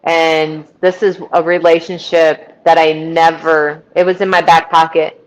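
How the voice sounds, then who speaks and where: Telling her testimony as a podcast guest, a middle-aged woman from Missouri speaks at a measured pace in a low-pitched voice, bringing the story alive by voicing the people she quotes. The audio quality is poor.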